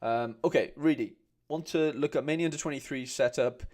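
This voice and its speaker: A young-sounding man hosting a relaxed stream. He chats loosely with his viewers, reads their comments aloud and keeps calling everyone mate. His pitch sits in an ordinary middle range. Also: fairly quick. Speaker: host. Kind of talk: casual livestream chat.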